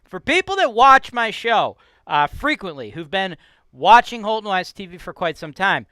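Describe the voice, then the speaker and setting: A man's voice: sits high, very animated, normal speed, sharp tone, no echo. A man from Cleveland, Ohio with a Cleveland accent, hosting a real estate show in a brash, profane, ranting style. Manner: brash, profane, keeps asking "right?". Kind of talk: casual ranting vlog.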